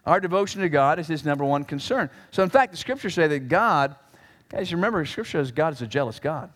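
Animated preaching man in a reverberant hall. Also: on the high side, quick pace. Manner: animated preaching, acts out scripture with emphatic voices. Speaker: pastor. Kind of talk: sermon. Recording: long reverb of a large hall.

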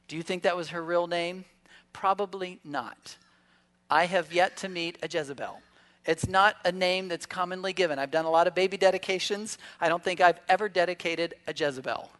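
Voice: medium pitch, fairly bright tone. Pastor at a church service, chatty preaching style with rhetorical questions and light jokes. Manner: conversational preaching with rhetorical questions and humorous asides. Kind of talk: sermon.

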